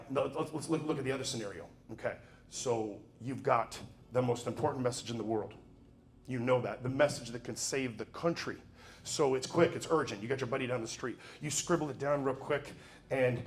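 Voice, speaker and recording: A man giving a motivational speech in an emphatic, preachy way, dropping to quiet asides and then pushing to loud exhortation. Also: mid-range voice. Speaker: motivational speaker.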